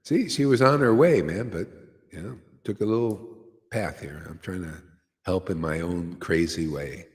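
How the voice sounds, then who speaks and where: A man with a fairly low voice gives a casual devotional talk. He keeps checking in with "see?" and slipping in "man". His words ring out with a long reverb, as if in a big hall. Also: moderate pace. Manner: loose and conversational, keeps asking "see?" and dropping "man". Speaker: spiritual teacher.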